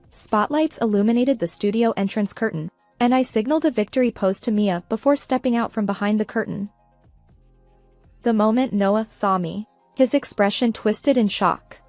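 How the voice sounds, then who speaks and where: A woman narrating a first-person revenge story in a steady, even manner. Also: mid-range voice, measured pace, no echo, soft background music.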